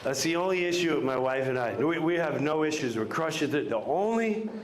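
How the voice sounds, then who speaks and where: A man's voice: fairly high pitch, animated, brisk. A middle-aged man doing stand-up, rambling through stories with frequent chuckles. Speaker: stand-up comedian. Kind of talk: stand-up routine. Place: comedy club stage. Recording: echoey club clip with loud crowd and noise.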